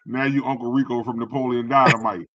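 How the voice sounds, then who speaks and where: A man's voice: medium pitch, flat delivery, quick pace, fairly bright tone. A man co-hosting a podcast in casual chat, joking and telling stories with swearing. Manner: joking, profane storytelling. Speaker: podcast co-host. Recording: dull lo-fi sound.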